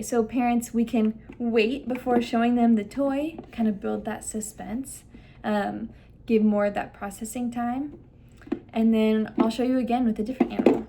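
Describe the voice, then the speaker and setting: A woman's voice: on the high side, vocal fry, noisy background. Woman demonstrating a listening activity. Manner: explains step by step, models exaggerated emphasis on key words. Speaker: speech therapist demonstrating to parents. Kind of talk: instructional demonstration.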